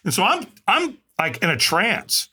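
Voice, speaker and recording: Guy telling a big dramatic story on a podcast, bit husky, voice jumps all over. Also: huge pitch swings, unhurried, pushed and bright. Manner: dramatic, acts out quotes with big pitch jumps. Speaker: podcast guest. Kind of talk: animated storytelling.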